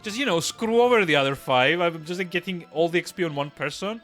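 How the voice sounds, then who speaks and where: A man streaming a game live, chatting excitably with frequent laughs and self-interruptions. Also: a little high, normal speed, pauses often. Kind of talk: live let's-play commentary. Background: game music.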